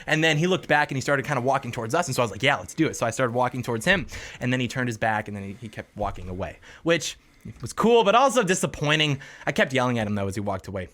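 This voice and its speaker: Fast, animated man from the Midwest. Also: mid-range voice. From Midwest of the United States. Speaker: political commentator. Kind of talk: recorded political monologue.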